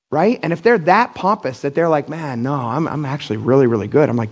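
Husky pa guy preaching, middle-aged, kinda high voice, blunt and casual, does little voices for people he quotes. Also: expressive, fast, hardly any pauses, darkish tone. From Pennsylvania. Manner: casual, blunt, acts out quoted people with big pitch jumps. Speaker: pastor. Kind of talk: sermon. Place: church.

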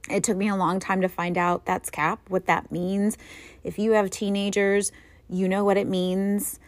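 A woman's voice: mid-range voice, level tone, a little slow, no echo. A middle-aged woman hosting a podcast, telling rambling, self-mocking stories in a casual chat with frequent laughter. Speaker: podcast host.

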